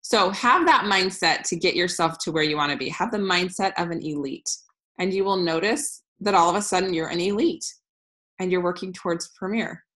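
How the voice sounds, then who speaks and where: A woman in her thirties gives a casual, upbeat business training talk over screen share, speaking frankly and restarting often. Her voice sits on the low side, with a brisk pace and a fairly bright tone.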